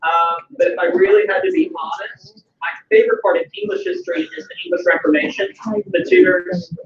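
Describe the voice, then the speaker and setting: A Southern-accented man talks history with a class over a video call, eager and rambling, restarting his sentences as he goes. His voice sits high and swoops widely, with a gravelly edge. The sound comes from far off in an echoing room, dull and lightly noisy. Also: sing-song, fairly quick. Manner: chatty and enthusiastic, with frequent ums and restarts. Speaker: historian answering students' questions. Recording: echoey, distant, muffled video call audio with light noise.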